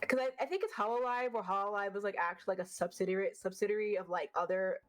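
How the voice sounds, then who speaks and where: A young woman from the southern United States talks as a guest in a casual interview, at a middling pitch. She tells blunt, lively stories full of swearing and acted-out quotes. Faint music plays underneath. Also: fast.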